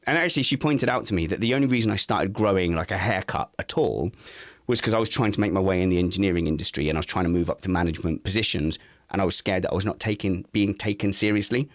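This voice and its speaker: A man's voice: fast, dry recording, clean studio sound. A man, chatting casually at home and telling family stories while acting out the voices of others. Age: 40s. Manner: animated storyteller, acts out family members in high voices. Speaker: podcast co-host. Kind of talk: casual chat.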